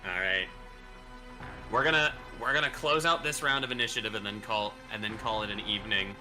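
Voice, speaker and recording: A man narrating as game master of a tabletop game, measured, repeating phrases as he goes. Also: fairly low pitch, music in the background.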